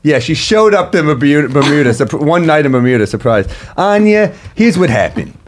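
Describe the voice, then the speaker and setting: Animated man telling road stories. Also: a little high, fairly quick. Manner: animated, acts out voices in stories. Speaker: comedian co-host. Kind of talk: casual storytelling.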